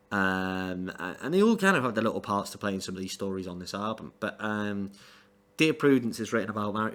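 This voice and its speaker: Rambling low-voiced man reviewing music. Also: a bit bright. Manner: rambling, full of fillers and restarts. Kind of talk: casual solo album review.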